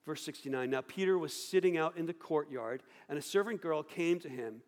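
A man preaching a sermon, swinging between loud outbursts and hushed, low delivery. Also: fairly quick. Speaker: pastor. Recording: long hall reverb.

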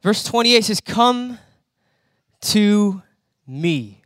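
A young man preaching a conversational sermon in a church hall, animated and acting out the quotes he tells. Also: high voice, extremely slow, clean studio sound.

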